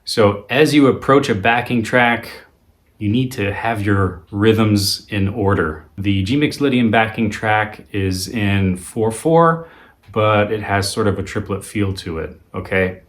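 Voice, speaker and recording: A man teaching a guitar lesson in a relaxed, conversational way, with frequent ums and uhs. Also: on the low side, measured pace. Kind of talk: video lesson.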